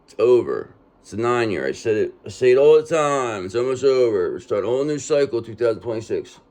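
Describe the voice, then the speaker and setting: Male tarot reader, casual and streetwise, keeps checking in with "okay?", mid pitch. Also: big pitch swings, fast talker, darkish tone. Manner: street-talking, repetitive, reassuring with frequent "okay?". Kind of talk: casual tarot reading monologue.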